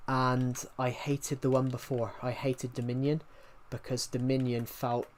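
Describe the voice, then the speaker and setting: There's a little hiss or hum as a young British man streams, his mid-range voice flat, a little slow and slightly mellow. He chats casually, rambling and restarting often while replying to viewer comments.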